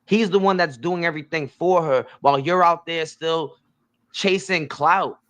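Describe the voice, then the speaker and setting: Young male commentary host, blunt and emphatic, on the higher side for a man. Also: moderate pace, fairly bright tone. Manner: blunt, emphatic, repeats himself. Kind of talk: reacting to interview clips.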